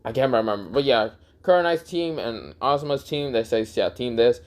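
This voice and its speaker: Rambling young man with a lively voice. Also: medium pitch, a little fast. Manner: rambling, crude, full of fillers. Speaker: storyteller. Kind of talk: casual improvised story narration.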